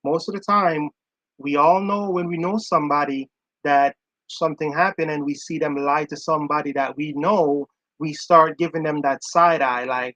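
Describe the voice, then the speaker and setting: A man's voice: fairly high pitch, fairly even intonation, normal speed, fairly bright tone, no room sound, lo-fi sound. A man giving casual, emphatic commentary on a live stream, reacting to audio he plays and repeating his points. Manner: emphatic, chatty, repeats himself.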